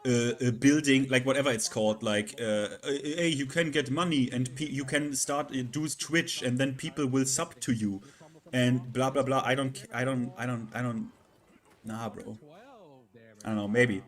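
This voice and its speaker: Male streamer, casual live chat; halting delivery full of fillers and restarts. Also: mid-range voice. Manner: halting, repeats words, many fillers.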